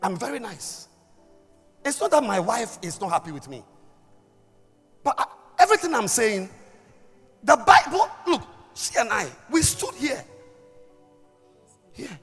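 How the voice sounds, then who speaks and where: A man preaching a sermon as pastor, emphatic and stammering, with a voice that swings from loud to soft. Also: very high voice, sing-song, unhurried, long pauses, husky. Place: church hall. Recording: reverberant church hall with music.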